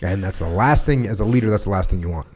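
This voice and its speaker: Low-voiced man hosting a podcast. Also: lively intonation, fast, a little mellow. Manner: emphatic, driving, dry humor. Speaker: podcast host. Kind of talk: casual podcast talk, reading from a book.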